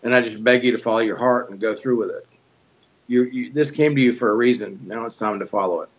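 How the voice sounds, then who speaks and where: A man giving a personal testimonial in an interview, heartfelt and a little halting. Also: mid-range voice, highs cut off. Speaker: gym member interviewee.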